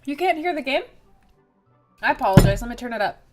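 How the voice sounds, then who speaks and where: A woman's voice: on the high side, quick pace, loud music behind the voice. A woman streaming a video game, reading it aloud and chatting animatedly with her viewers. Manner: animated, talks to her chat directly.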